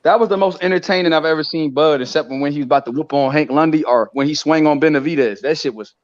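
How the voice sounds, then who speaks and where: A man's voice: a little high, fast talker, no room sound. A man co-hosting a casual boxing chat, telling stories and acting out other people's lines. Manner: animated storyteller, quoting others in voices. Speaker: boxing podcast co-host. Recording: dull lo-fi audio.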